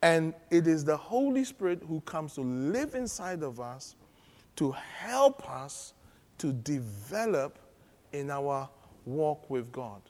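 High-voiced preacher in a reverberant hall. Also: male voice, slow. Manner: animated and humorous, often laughing. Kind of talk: sermon. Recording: long reverb of a large hall.

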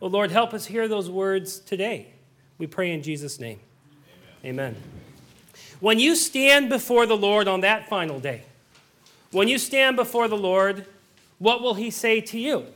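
High-voiced man preaching a sermon. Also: lively intonation, measured pace, long pauses, sharp tone. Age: adult. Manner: earnest preaching with joking asides. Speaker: pastor.

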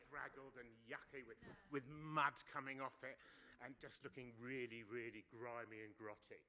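Chatty preacher guy, middle-aged, really bright voice, playful with the crowd in church. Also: medium pitch. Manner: chatty, playful, asks the congregation questions. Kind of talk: lively church sermon. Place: church service.

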